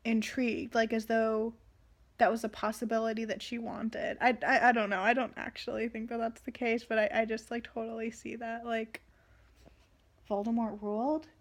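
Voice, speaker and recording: A young woman giving casual commentary on a book she is reading, rambling and excitable with many fillers. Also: a little high, normal speed. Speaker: reader and commentator.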